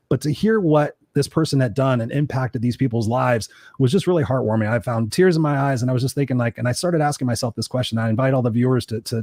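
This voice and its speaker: A life coach tells his story at a rapid clip, animated and candid, with casual swearing. His voice is dry and close, with no room around it. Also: medium pitch, no room sound. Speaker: coaching guest.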